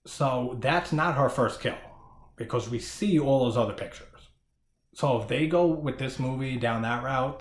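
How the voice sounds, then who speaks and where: A man's voice: mid-range voice, roomy sound. A man giving a casual horror movie review who laughs often, swears casually and rambles.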